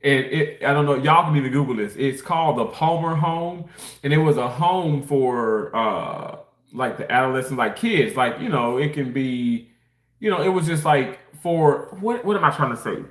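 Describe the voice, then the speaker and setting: Eating on a livestream, a man from Mississippi reads chat comments out loud, laughs frequently and wanders from topic to topic. The recording is reverberant, and his medium-pitched voice is fairly bright and moves at a normal pace.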